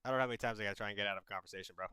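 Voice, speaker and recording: A man's voice: on the low side, rapid-fire, pushed and bright, smooth, no echo, soft background music. A man hosting a call-in advice show, talking bluntly and casually with heavy swearing. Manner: profane, blunt, bro-ish. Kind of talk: casual advice chat with callers.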